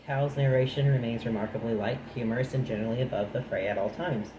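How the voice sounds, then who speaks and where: A man's voice: medium pitch, fairly even intonation, quick pace, mellow, muffled recording. A man reading a nonfiction book aloud, breaking off into chatty, dry asides of his own. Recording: echoey room with noise.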